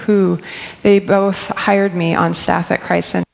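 Middle aged church lady telling stories, low gravelly voice, laughs a lot, big echoey hall. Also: little pitch movement, slow. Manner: candid, chatty, laughs often. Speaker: church staff member speaking. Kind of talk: personal storytelling talk. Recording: long hall reverb.

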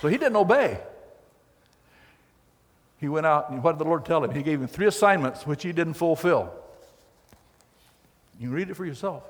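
A man preaching a sermon as pastor, telling the story in a folksy, animated way with acted quotes. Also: on the high side, normal speed, pauses often. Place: church hall. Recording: long hall reverb.

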